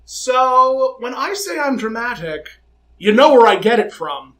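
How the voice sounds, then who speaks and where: A young man with a notably high voice co-hosts a casual podcast. He tells stories with flair, slipping into the voices of family members and then back to his own. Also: measured pace. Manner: animated, dramatic storytelling with quoted dialogue. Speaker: podcast co-host. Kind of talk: casual chat.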